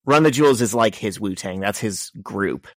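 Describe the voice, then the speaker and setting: A man co-hosting a casual podcast, relaxed and matter-of-fact. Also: fairly low pitch, normal speed, no echo. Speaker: podcast co-host.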